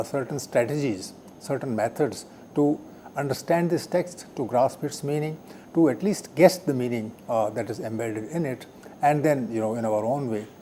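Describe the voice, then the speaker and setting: An older man from India, serving as guest professor, gives a live televised lecture in a warm, mid-range voice. He speaks haltingly, with many fillers and frequent throat clearing, and there's slight background noise.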